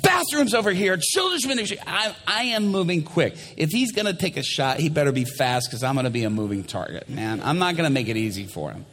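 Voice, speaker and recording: A man's voice: medium pitch, animated, a little fast, few pauses, a bit bright, long reverb tail. A male pastor preaching a sermon, telling a story animatedly and acting out the people in it.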